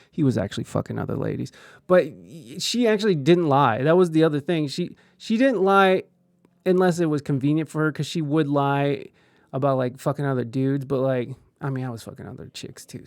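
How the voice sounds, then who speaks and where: A man's voice: on the high side, darkish tone, dry recording, clean studio sound. A man streaming live, chatting casually and telling rambling, profane stories while reacting to videos.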